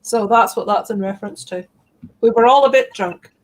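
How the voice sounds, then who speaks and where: A woman with a bright, high voice, chatting casually on a live stream next to her boyfriend. She talks in a giggly, chatty way. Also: normal speed, poor audio. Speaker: host's girlfriend, co-streamer.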